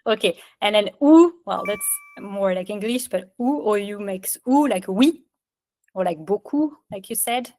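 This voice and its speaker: A woman's voice: mid-range voice, animated, a little slow, dark tone. Chatty woman teaching pronunciation. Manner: chatty, filler-heavy, laughs at French spelling. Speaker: French instructor. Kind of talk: casual online lesson.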